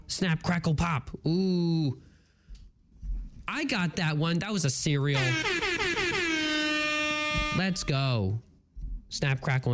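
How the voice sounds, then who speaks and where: There's a little hiss or hum on this close studio broadcast mic, where a mid-range-voiced morning radio host jokes around solo. They stumble over tongue twisters and laugh at their own slip-ups.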